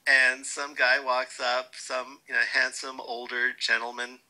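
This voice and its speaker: An older man being interviewed, telling wry, lively stories and quoting people along the way. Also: medium pitch, a little slow, low-quality recording. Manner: wry, animated anecdotes with quoted voices. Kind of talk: storytelling interview.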